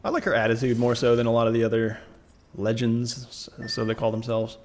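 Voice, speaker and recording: A man's voice: mid-range voice, a little fast. A Canadian man streaming a shooter game, talking through it casually and wryly, reading chat aloud. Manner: relaxed, chatty, wry, often laughing. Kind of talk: casual gameplay commentary.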